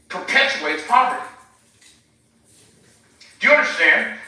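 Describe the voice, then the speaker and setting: A man's voice: a little high, pushed and bright. A man preaching in a live-streamed sermon, speaking emphatically and putting rhetorical questions to his viewers. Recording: echoey room, voice from far off.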